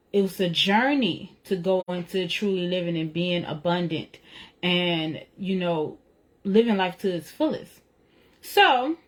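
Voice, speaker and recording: A woman telling a personal faith story in a casual, earnest way, often checking in with "right?" and "you know". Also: on the low side. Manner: reflective, retelling feelings with rising emotion. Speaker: author sharing a personal testimony.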